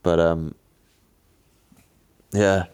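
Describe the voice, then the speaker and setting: Low bloke, rambly chatty cycling yarns, deep voice. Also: male voice, flat delivery, very slow, a little mellow, clear, resonant tone. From Wales. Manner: chatty storytelling, lots of fillers and mimicked voices. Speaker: pro cyclist, podcast co-host. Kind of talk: casual chat.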